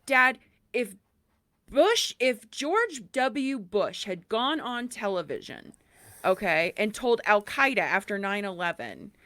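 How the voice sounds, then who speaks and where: Female podcast co-host, mid-pitched, lively storyteller who acts out dialogue, dry close recording. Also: slow, no room sound. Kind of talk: casual chat.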